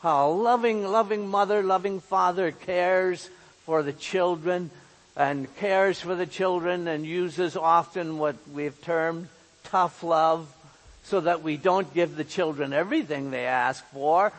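A man's voice: a little high, unhurried, big-room sound. A man pastor giving an earnest sermon, often repeating words as he searches for the next one. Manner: earnest, repeats words while finding them.

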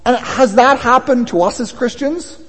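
Husky-voiced man preaching in a reverberant hall. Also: very high voice, moderate pace, fairly bright tone. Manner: conversational preaching, rising in intensity. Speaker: pastor. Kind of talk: sermon.

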